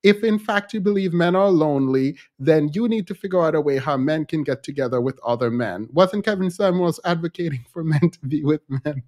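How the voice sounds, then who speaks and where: A man's voice: on the high side, brisk, hardly any pauses, darkish tone. A man hosting a casual commentary show, chatty and often laughing between his remarks. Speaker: host.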